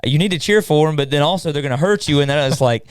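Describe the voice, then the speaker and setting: A man co-hosting a podcast, chatting casually in a relaxed, joking way. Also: a little high, fast, clear, resonant tone, no room sound, clean studio sound. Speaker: podcast co-host. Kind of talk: casual chat.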